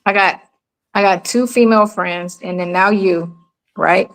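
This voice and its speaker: A woman's voice: mid-range voice, unhurried, low-quality recording. A middle-aged woman from the United States chatting casually. She tells her stories with energy and acts out each person she quotes. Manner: animated storyteller, acts out quoted people. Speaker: mother telling stories. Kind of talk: casual chat.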